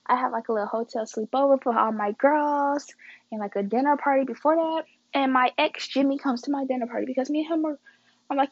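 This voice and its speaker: Speaking fairly quickly in a high voice, a young woman chats with her viewers, addressing them as "guys" and "y'all" while telling a story in slangy, casual language. She dramatically acts out quoted lines, and the audio is dull with no echo.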